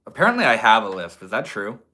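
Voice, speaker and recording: A man's voice: fairly low pitch, wildly swooping pitch, fast talker, bright, forceful tone. A young man hosting a livestream, chatting casually with viewers in a laid-back, slangy way. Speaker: livestream host.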